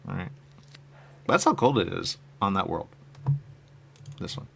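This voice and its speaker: A man with a low, gravelly voice chats loosely on his live stream, musing aloud about his comic work. He reads out viewer comments and answers them, his sentences wandering and fading off softly at the end. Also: expressive, measured pace. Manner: musing and meandering, trailing off quietly at phrase ends. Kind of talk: rambling casual live-stream chat.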